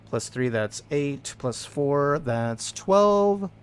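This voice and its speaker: A man's voice: on the high side, extremely slow, a little hiss or hum. A man streaming a video game, chatting casually with his viewers, joking, humming to himself and reading out chat messages. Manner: chatty and joking, greets chat, hums and yells when excited. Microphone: desk microphone.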